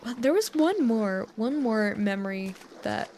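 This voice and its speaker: A gaming YouTuber from the US, a woman in her twenties, plays at home and tells meandering stories with frequent giggles in rambling sleep-time gameplay chat. Her voice is a little high, expressive and darkish, at a measured pace, recorded close on a USB dynamic mic with a little hiss or hum.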